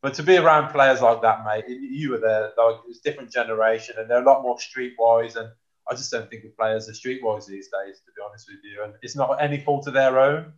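A man's voice: mid-range voice, steady tone, fairly quick. A man, talking frankly in a casual chat as a former rugby player. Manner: blunt, frank, says mate often. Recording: dull lo-fi sound.

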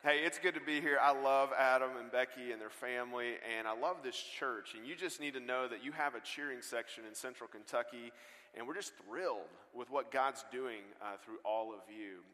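Bright-voiced preacher man, humorous storyteller. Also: mid-range voice. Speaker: guest preacher. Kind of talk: sermon with storytelling. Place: church auditorium. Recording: long hall reverb.

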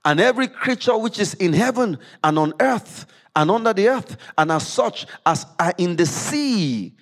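Male pastor, slightly high voice, very animated pitch, sermon delivery that swings between emphatic reading and low explanation. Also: moderate pace. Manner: reads scripture aloud with rising emphasis, then drops low to explain. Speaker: preacher. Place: church service.

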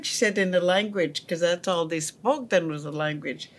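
A woman telling a family story in a podcast, halting, with many pauses and fillers. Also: fairly low pitch.

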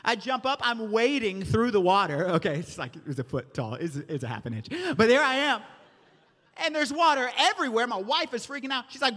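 A man from the American South preaching a sermon, telling stories with lively energy and calling out to the congregation. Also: very high voice, fairly quick. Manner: animated storytelling, preacherly call-outs. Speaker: pastor. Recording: reverberant hall.

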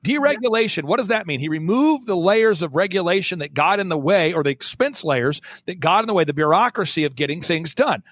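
A man's voice: high voice, expressive, fairly bright tone, no echo. A man talking as a guest on a talk show, emphatic and driving, repeating his points for effect. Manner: emphatic, repetitive, fast-driving. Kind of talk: energetic talk-show conversation.

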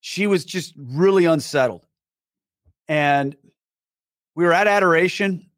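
Animated storytelling man, slightly high voice. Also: measured pace, no echo, studio quality. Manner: animated storyteller who acts out dialogue; many fillers and restarts. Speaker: podcast guest. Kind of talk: personal storytelling in conversation.

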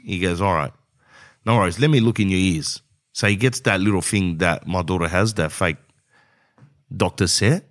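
A man's voice: sits low, moderate pace, pauses often. A middle-aged man telling a rambling comic story, acting out both sides of the dialogue and saying "bro" a lot. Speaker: comedian.

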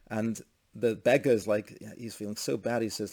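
A man's voice: medium pitch, animated, normal speed, a little mellow. A man giving a storytelling holiday sermon in a loose, conversational way. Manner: conversational, many restarts, rising to emphatic blessing.

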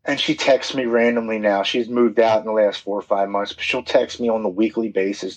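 Earnest low-voiced man telling his story. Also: fairly even intonation, fairly quick, hardly any pauses. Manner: earnest, heartfelt, repeats words when moved. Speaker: podcast guest. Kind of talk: personal recovery story.

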